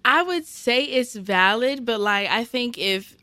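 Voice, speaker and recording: A woman's voice: a little high, a little slow, dry recording. Woman co-host, casual entertainment chat, easygoing, agreeable, dry close sound. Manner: relaxed, agreeable, recaps stories.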